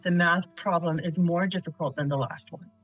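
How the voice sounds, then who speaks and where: A woman tutor with a fairly low voice explains grammar patterns in a patient, methodical way. She reads example sentences and fill-in-the-blank exercises aloud for her students. Light guitar music plays quietly under her voice. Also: fairly even intonation, normal speed, poor audio. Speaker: essay writing tutor. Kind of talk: instructional lesson narration.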